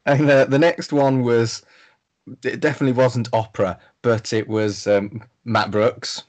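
A man's voice: mid-range voice, level tone, a little slow, darkish tone. A man, a podcast guest chatting casually, swearing and mocking himself in a flustered way. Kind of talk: casual chat.

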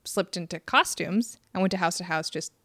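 Low-voiced woman chatting casually. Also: moderate pace, fairly bright tone, dry recording, studio quality. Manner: chatty, laughs often, swears casually. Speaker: podcast co-host. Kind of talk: casual chat.

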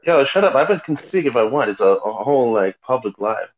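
A man's voice: medium pitch, lively intonation, brisk, dull audio. A man in his thirties in a group voice chat, needling and lecturing the others. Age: 30s. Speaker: voice chat participant.

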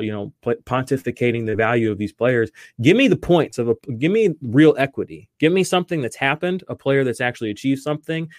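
A man's voice: medium pitch, no room sound. Man, podcast host, casual rambling chat, fillers and restarts, dry close mic.

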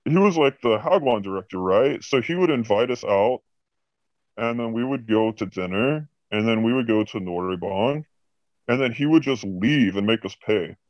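A man's voice: mid-range voice, normal speed, no room sound, lo-fi sound. A man recounts workplace stories in a loose, chatty podcast. His talk is peppered with profanity and "like". The recording is close and dry, with no room sound. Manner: profane, animated anecdote telling. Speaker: podcast guest recounting a job. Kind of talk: casual storytelling chat.

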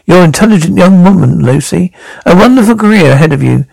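A blunt police detective. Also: male voice, sits high, animated, quick pace, vocal fry, darkish tone, no room sound, heavily acted, poor audio. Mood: pressing. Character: blunt, probing adult male police detective. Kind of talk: TV crime drama dialogue.

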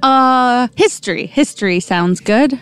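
A woman taking her turn in a tabletop game, speaking at an unhurried, drawn-out pace. She answers hesitantly, with frequent small laughs. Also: on the high side, expressive, fairly bright tone, smooth. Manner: slow, hesitant, often laughing. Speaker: player.

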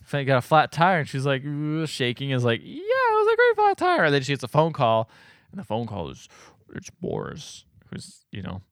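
A man chatting on a podcast, retelling a film scene by scene and slipping into the characters' lines. His voice is smooth and resonant, and his pitch moves a lot. The sound is dry and close. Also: lively intonation, moderate pace, fairly bright tone, no room sound. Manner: rambling storyteller who acts out lines. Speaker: podcast co-host. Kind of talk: casual chat, recapping a movie.

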